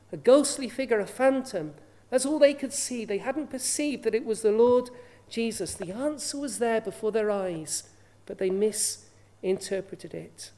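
A woman's voice: a little high, warm tone. A woman preaching a sermon in an earnest way, often asking her listeners rhetorical questions.

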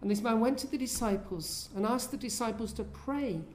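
A woman's voice: on the high side, moderate pace, darkish tone, a little hiss or hum. A woman preaching a sermon in an earnest way, often asking her listeners questions.

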